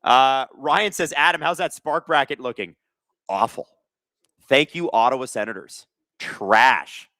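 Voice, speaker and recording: A man's voice: mid-range voice, measured pace, no room sound, clean studio sound. A man in his thirties from Canada hosting a live hockey watch-along, calling plays casually and joking while reading out chat. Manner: jokey, reads chat aloud, bursts of excitement.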